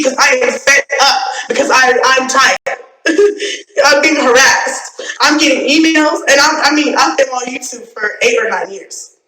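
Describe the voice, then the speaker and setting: A woman's voice: high-pitched, pushed and bright, slight background noise. A woman YouTuber venting in an angry, profane rant, repeating herself and sounding completely fed up. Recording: roomy echo.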